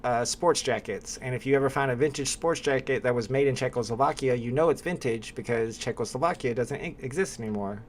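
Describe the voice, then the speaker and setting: A man hosting a livestream, talking to his chat in a relaxed, casual way. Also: mid-range voice, a little fast, hardly any pauses, a little hiss or hum. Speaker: livestream host.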